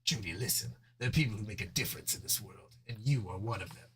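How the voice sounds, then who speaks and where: A man voicing a hurt, bitter male fox in a comic read-aloud, speaking low and subdued. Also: quick pace, a bit bright, husky. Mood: earnest.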